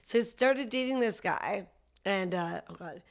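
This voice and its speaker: A woman comedian chatting as a podcast guest, self-deprecating and quick to laugh, with a dry, coughing throat. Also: mid-range voice, creaky. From Canada. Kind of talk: casual podcast chat.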